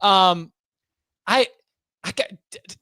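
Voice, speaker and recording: A man giving college football betting opinions, animated and often restarting his sentences. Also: sits high, slow pace, clear, resonant tone, no echo. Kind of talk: casual sports betting chat.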